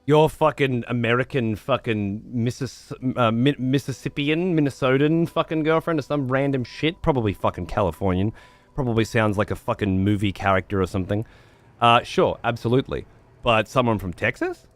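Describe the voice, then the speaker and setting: A man's voice: medium pitch, lively intonation, moderate pace, no room sound. A man livestreaming, chatting to viewers in a rambling, profane way and repeating words as he thinks. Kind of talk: casual chat to stream viewers.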